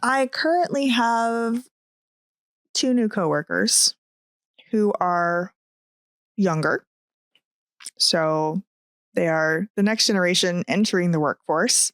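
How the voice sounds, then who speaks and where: A woman's voice: fairly low pitch, slow, pauses often, no echo, clean studio sound. A middle-aged woman co-hosting a podcast, telling workplace stories casually and laughing often. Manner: giggly, animated storytelling. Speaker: podcast co-host. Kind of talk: casual chat.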